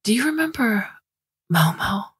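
A woman narrator voicing an earnest young female scientist who speaks with gentle insistence. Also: mid-range voice, sing-song, a little slow, breathy edge, no echo, studio quality, voice pushed up, exaggerated voice. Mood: insistent.

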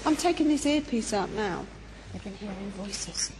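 A woman's voice: medium pitch, expressive, normal speed. A woman hosting a live ghost hunt, coaxing and calling out to spirits in an old building at night. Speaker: paranormal investigation host. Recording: echoey hall with background noise.

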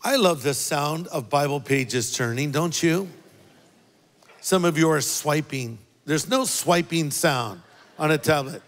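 A man preaching a sermon as pastor, talking conversationally, dropping low for quoted words and rising for emphasis. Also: unhurried, fairly bright tone. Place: large church auditorium. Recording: long reverb of a large hall.

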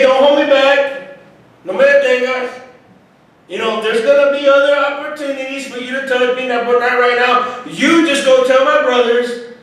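High-voiced preacher in an echoey room. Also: male voice, fairly bright tone. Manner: mixes Spanish into English, repeats "hermano, Señor". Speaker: Bible teacher. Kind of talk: informal Bible study preaching. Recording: very echoey room, distant mic.

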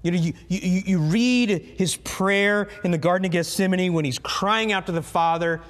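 A man preaching a sermon as pastor, animated and asking the congregation questions. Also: high voice, normal speed. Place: church sanctuary. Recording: long reverb of a church hall.

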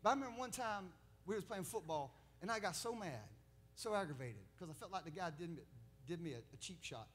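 Male pastor, high pitch, storytelling sermon that climbs to shouted emphasis. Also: animated, a little fast, breathy edge. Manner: storytelling with laughs, rising to loud preaching.

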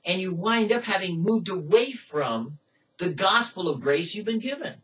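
A man preaching a sermon with passion, swinging from loud cries to hushed pleading in a church. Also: sits high, lively intonation, normal speed. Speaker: pastor. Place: church sanctuary. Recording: distant, muffled church recording.

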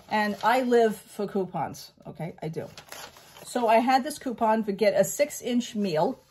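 Woman, casual haul vlog, rambling storyteller, indignant rants, mid pitch, faint background hiss. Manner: rambling, chatty storyteller who repeats "I says"; gets loud and indignant when telling a grievance. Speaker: vlogger.

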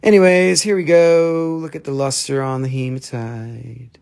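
Gravelly, jokey man hosting a live sale. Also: mid-range voice, little pitch movement, measured pace, darkish tone. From North Carolina. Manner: jokey, rambling, self-mocking. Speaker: host of a live crystal sales stream. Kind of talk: casual live sales chat.

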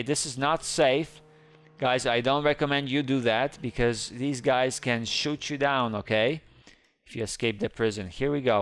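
A man giving excited, playful game commentary who squeals up high whenever he panics. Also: clear, resonant tone, no room sound, clean studio sound. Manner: squeals high when panicked, playful kid-friendly banter. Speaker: gaming YouTuber.

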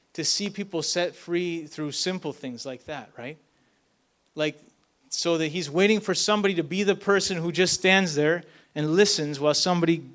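A man's voice: on the high side, fairly bright tone. A man preaching casually at a church event, telling a story with many fillers and checking in with the crowd. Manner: casual, filler-heavy with lots of "like" and "right?". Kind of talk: storytelling sermon.

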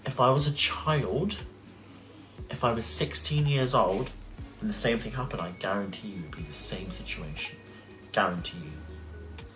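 Faint music plays behind a young social media creator in his twenties as he rants emotionally and angrily on a livestream, swearing often. He has a lowish, expressive, slightly bright voice at normal speed.

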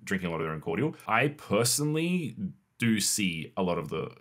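Co-host, male, low voice, relaxed conversational delivery with restarts and laughter. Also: fairly quick. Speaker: podcast co-host. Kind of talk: casual tech chat.

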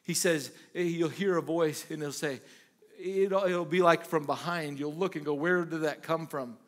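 A pastor preaching a sermon, retelling Bible dialogue in an animated, repetitive way. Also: male voice, a little high, measured pace.

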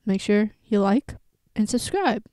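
A young woman talks over a clip she is watching, casual and incredulous. Her voice sits in a middle pitch range. The sound is dry and close, with no room around it. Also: lively intonation, measured pace, dark tone, no room sound. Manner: incredulous, laughing asides. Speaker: reaction video host. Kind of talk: casual reaction commentary.

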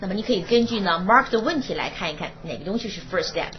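Lady teaching english class in mandarin, reads the english bits slow, dull old recording. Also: mid-range voice, animated, a little hiss or hum. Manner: explains in Mandarin, reads English lines slowly. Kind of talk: classroom lecture.

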